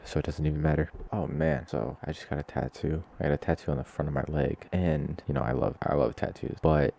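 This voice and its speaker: A man's voice: a bass voice, lively intonation, brisk, vocal fry, mellow. A young man hosting his own podcast, rambling casually and bluntly about his opinions, apologizing as he goes. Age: young adult. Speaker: podcast host. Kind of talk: casual solo podcast rant.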